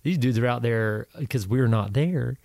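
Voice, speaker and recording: A creaky, mid-range voice belongs to a male combat veteran speaking a little slowly on an indoor podcast without echo. Casual and animated, he tells war stories, swears freely, and acts out the voices of those he quotes.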